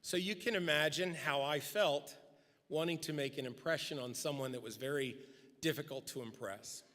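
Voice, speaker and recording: A middle-aged man gives a eulogy at a memorial service, speaking at a podium microphone in a large church sanctuary. He tells personal anecdotes and acts out quotes with rising pitch, in a fairly bright voice at normal speed. Long church hall reverb fills the recording.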